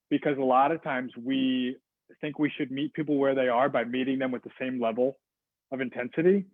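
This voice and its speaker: A man's voice: medium pitch, dry recording. A man giving a customer service talk over a video call, casual and rambling with fillers and restarts. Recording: dry, phone-like video call audio.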